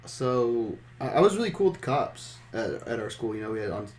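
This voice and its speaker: A man's voice: mid-range voice, sing-song. A young man hosting a podcast, telling a rambling, profane story in casual chat. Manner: rambling, profane, fast anecdotes. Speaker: podcast host.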